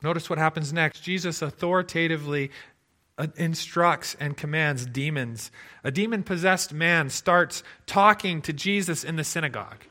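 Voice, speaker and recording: A man preaching a sermon, expressive, moving between loud emphasis and hushed tones. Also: on the high side, moderate pace. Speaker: pastor.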